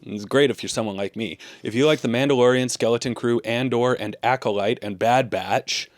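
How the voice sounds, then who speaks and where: A man co-hosting a comedy podcast, riffing deadpan on made-up streaming shows. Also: mid-range voice, fairly quick, no room sound, studio quality. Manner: deadpan, riffing on fake products. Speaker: podcast co-host. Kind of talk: improvised comedy banter.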